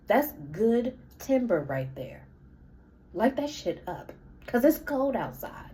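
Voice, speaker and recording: A woman's voice: on the high side, big pitch swings, slow pace, pauses often, warm tone, low-quality recording. Blunt, profane woman venting. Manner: blunt, emphatic and profane, with bursts of laughter. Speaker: parent and student. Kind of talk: personal rant to camera.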